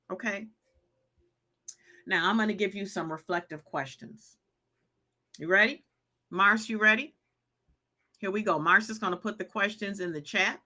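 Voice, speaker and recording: Pitched on the low side, this woman's voice is bright and forceful. She's in her 50s, hosting a live stream with healing advice, preaching emphatically, repeating her points, and reading out what viewers comment.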